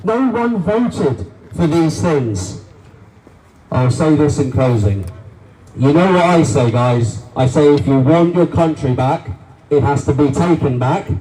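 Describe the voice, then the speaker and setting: A man giving a rousing political rally speech, repeating lines and calling the crowd guys. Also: a little high. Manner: forceful, repetitive, rousing, addresses crowd as guys. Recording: distant voice with faint crowd noise.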